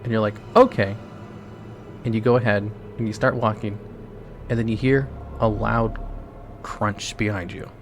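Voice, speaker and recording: A man's voice: lowish voice, steady tone, normal speed. A man casually narrating a choose-your-own-adventure game live for his chat, playful and loose. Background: background music.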